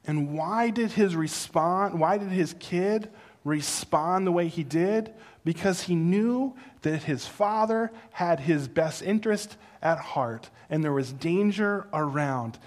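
Middle-aged pastor guy preaching, kinda high voice, gets loud and animated then drops soft and earnest. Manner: animated storytelling that builds to loud, high exclamations; slow, soft and earnest when teaching. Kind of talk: sermon.

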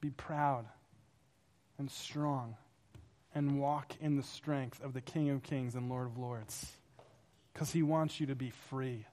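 A male pastor preaching a sermon, telling stories in an animated, conversational way. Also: mid-range voice, slow, pauses often.

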